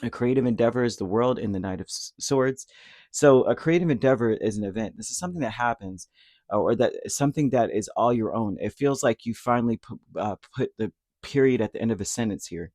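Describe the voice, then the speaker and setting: A man's voice: medium pitch, fairly quick, darkish tone, no echo, studio quality. A man giving a casual, rambling tarot reading, talking conversationally with lots of fillers and asides. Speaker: tarot reader.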